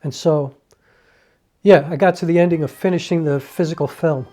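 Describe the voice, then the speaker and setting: A man speaks a heartfelt, reflective monologue to the camera in a fairly high, mellow voice. He talks earnestly, leaning on "you know" as he thinks aloud, while faint violin music plays behind him. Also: fairly even intonation, moderate pace. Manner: acts out quoted dialogue with raised voice. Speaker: independent filmmaker and playwright.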